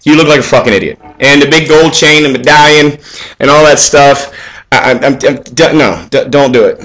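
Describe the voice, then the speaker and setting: A man in his forties talking casually into the camera for his own video, rambling with lots of fillers and restarts, swearing freely and getting louder and higher when he gives advice. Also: moderate pace. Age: 40s. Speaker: vlog host. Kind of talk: casual monologue.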